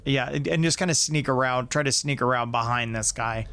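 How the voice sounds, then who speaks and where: A man playing a tabletop game, talking in a hesitant, halting way. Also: mid-range voice, pushed and bright, clean tone. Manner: hesitant, halting, full of restarts. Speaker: player. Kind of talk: casual tabletop play.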